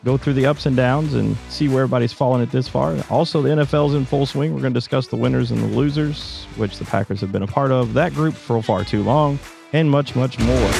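Gravelly-voiced man opening a podcast. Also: medium pitch, brisk, music in the background. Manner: upbeat, runs the show's agenda. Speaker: podcast host introducing the episode. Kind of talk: casual podcast intro and chat.

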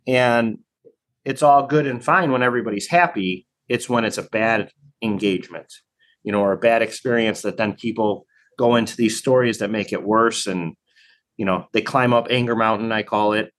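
Man, mid pitch, reflective, lots of fillers, interview guest. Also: moderate pace, a bit bright. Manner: reflective, many fillers and restarts. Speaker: guest, training program director. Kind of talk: casual conversation.

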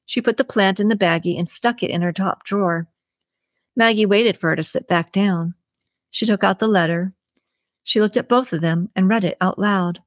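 A woman's voice: mid-range voice, moderate pace, no echo, clean studio sound. Woman reading a suspense novel aloud. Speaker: podcast host and audiobook reader. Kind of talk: scripted audiobook narration.

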